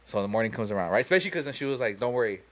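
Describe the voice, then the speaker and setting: Fast-talking young man telling a rambling story. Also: on the low side, animated, slight background noise. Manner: rambling, profane, heavy on "you know" and "like". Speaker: podcast host telling a story. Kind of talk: casual storytelling chat.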